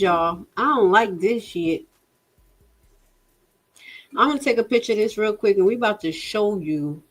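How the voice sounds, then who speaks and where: A woman's voice: mid-range voice, expressive, measured pace, pauses often. Exasperated outspoken woman livestreamer. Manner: outspoken and exasperated, swears, addresses viewers as y'all. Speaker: livestream host reviewing a township budget. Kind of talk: casual livestream commentary.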